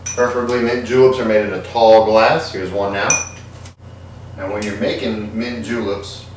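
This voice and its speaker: A man hosting a comedic home cooking show in his kitchen, with irreverent, deadpan asides. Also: on the low side, moderate pace, very echoey, distant mic, noisy background.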